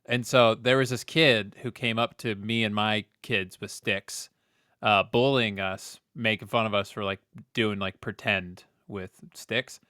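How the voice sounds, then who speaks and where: A man's voice: on the low side, steady tone, a little slow, pushed and bright, smooth, dry recording, clean studio sound. A man co-hosting a casual podcast, telling a laid-back childhood story with lots of fillers. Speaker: podcast co-host. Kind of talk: casual chat.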